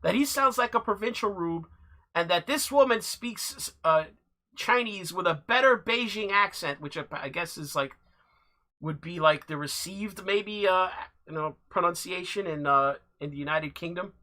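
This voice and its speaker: A man giving casual commentary over clips, halting and restarting with dry laughs. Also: high voice, bright, forceful tone.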